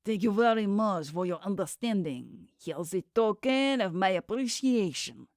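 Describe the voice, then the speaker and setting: A smooth-talking trader with a thick French accent, ingratiating and polite, as put on by a woman narrator. He sounds slick. The recording is dry and close. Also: mid-range voice, animated, a little slow, darkish tone, dry recording.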